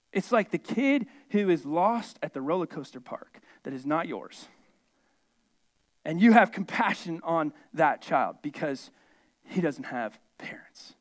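A male pastor preaching a sermon to his church in a conversational, folksy way, with asides and rhetorical questions. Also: high voice.

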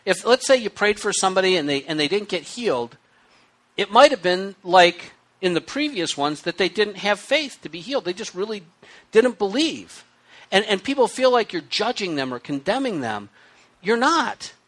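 Man preaching, hiccups, high voice, very animated pitch, chatty teaching with asides. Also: normal speed. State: has the hiccups. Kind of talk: sermon with scripture reading.

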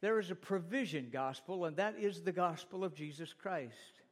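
A man's voice: high voice, normal speed. A middle-aged male pastor preaching a sermon, talking straight to the congregation with rhetorical questions and retold stories.

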